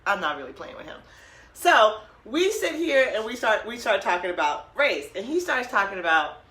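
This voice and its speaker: A woman's voice: mid-range voice, sing-song, normal speed, pushed and bright. A woman hosting a podcast, telling a story with emphasis, laughing often and quoting what was said. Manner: emphatic, laughs often, quotes herself and others. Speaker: podcast host. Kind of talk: animated storytelling. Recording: roomy echo.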